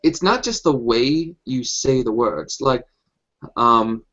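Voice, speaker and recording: A man's voice: mid-range voice, lively intonation, takes it slowly, fairly bright tone. Male panelist, thoughtful, hesitant explainer, muffled call sound. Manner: explanatory, hesitant with many ums. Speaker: game master panelist. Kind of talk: casual hangout chat. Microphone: video call. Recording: dull lo-fi video call audio.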